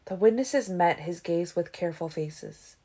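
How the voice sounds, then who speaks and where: A woman reading a novel aloud as an audiobook, with steady, even storytelling. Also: lowish voice, measured pace, slightly rough. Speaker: audiobook reader. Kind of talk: audiobook narration.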